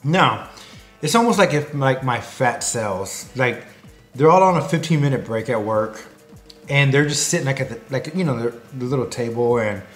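A man's voice: mid-range voice, moderate pace, soft background music. A man giving a comedic food promo, rambling and jokey, drifting off on tangents. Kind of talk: comedic promo talk to camera.

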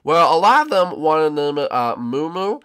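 A man voicing an excitable, bossy young male dragon prince in a game role-play, chatty and eager. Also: on the high side, normal speed, clear, resonant tone. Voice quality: chatty, eager, calls everyone "guys".

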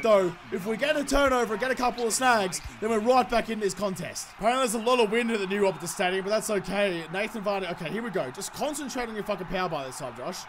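A young man giving excited, sweary gameplay commentary, swinging between shouts and mutters. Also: high-pitched. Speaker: gaming YouTuber.

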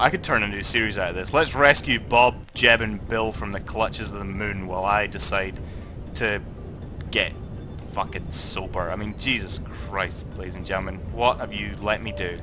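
A young Scottish man commentating on his own gameplay, tipsy, sweary and jokey, swinging between muttering and excited shouting. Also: fairly low pitch, moderate pace, noisy background. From Scotland. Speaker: gaming YouTuber.

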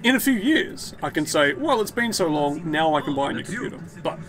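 A man giving casual, jokey commentary while playing a video game, excitable and sweary. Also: a little high, brisk. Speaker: let's play gamer. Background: game music and sounds.

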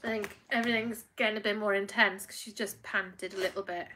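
A British woman filming a casual vlog at home, talking to her dogs in soothing baby talk that often drops to a hush. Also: mid-range voice, steady tone, fairly quick, slight background noise. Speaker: dog breeder filming her dog's labour. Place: at home indoors.

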